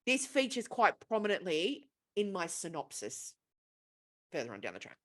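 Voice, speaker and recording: A woman's voice: fairly low pitch, huge pitch swings, normal speed. A woman co-hosting a casual podcast, retelling a film plot in a profane, rambling way. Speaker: podcast co-host.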